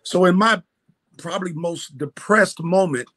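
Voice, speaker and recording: Man, earnest tribute storyteller, fairly high voice, dry close sound. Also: a little slow, a bit bright, no echo. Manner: earnest storytelling with many restarts. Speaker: family friend and minister. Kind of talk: heartfelt birthday tribute.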